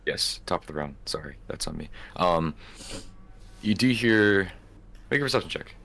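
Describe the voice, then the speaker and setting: A man narrating a tabletop game as game master, relaxed and halting, with many fillers. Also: low-pitched, gravelly, a little hiss or hum.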